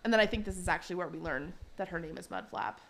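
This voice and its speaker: A woman's voice: fairly low pitch, fast talker, fairly bright tone. Giggly chatty woman podcast co-host. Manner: chatty, giggly, quotes characters in playful voices. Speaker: podcast co-host recapping an episode. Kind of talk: casual chat.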